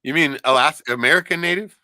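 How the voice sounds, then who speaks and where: A man's voice: fairly high pitch, fast, no room sound. A man chatting casually as a podcast host, swearing freely and breaking into laughter as he tells stories. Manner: animated, profane, laughs often. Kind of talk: casual chat.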